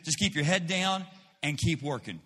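A man's voice: a little high, lively intonation, normal speed, pushed and bright, big-room sound. A man preaching a sermon as pastor, emphatic, repeating phrases with mocking asides.

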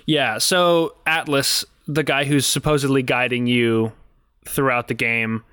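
Bright, crisp-voiced man chatting about games. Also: medium pitch, unhurried, no echo, clean studio sound. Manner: joking, animated storytelling. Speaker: podcast co-host. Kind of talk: casual gaming podcast chat.

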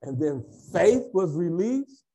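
Male pastor, high voice, animated swings; AAVE; emphatic, repetitive sermon delivery. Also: slow pace.

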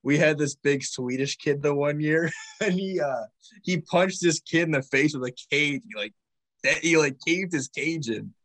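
A man's voice: a little high, normal speed, fairly bright tone. A young man, a college hockey player, talking casually and slangily on a podcast. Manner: laid-back, slangy, says "dude" often.

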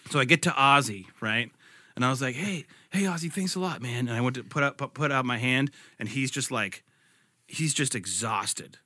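A man in his forties tells a story on a podcast in a very bright, sharp voice. He rambles animatedly and keeps doubling back. The sound is close and dry, with no room around it. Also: mid-range voice, moderate pace, no echo. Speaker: podcast co-host. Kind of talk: casual chat.

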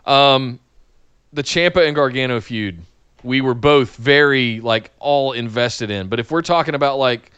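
Male podcast co-host, smooth clear voice, thoughtful and a bit hesitant, dry close mic. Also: mid-range voice, a little slow, a bit bright, no room sound, dull audio. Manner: reads listener questions, thoughtful and hesitant. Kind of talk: casual podcast chat.

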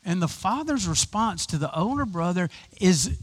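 Animated, lively-pitched male preacher. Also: moderate pace. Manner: animated, conversational preaching with repeated restarts. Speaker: pastor. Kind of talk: sermon.

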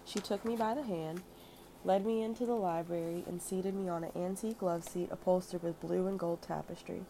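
A woman reading a first-person memoir aloud in a steady, measured storytelling manner. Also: lowish voice, gravelly, a little hiss or hum, poor audio. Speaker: narrator. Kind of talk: audiobook memoir narration.

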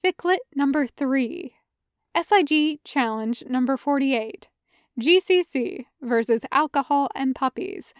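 A woman reading a fan fiction audiobook in a light, brisk narrating voice. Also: sits high, lively intonation, no echo, studio quality. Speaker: podfic reader.

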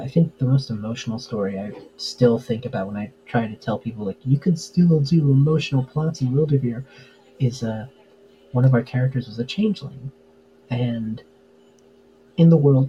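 A man's voice: medium pitch, warm tone, lo-fi sound, slight background noise. A man chatting casually as a podcast guest, full of fillers and easy laughs. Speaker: podcast guest, tabletop game player. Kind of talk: casual interview chat.

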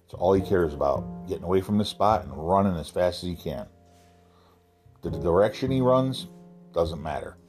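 A man from South Carolina casually telling a profane, animated anecdote. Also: low-pitched, moderate pace, faint music behind. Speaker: storyteller. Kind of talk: casual storytelling.

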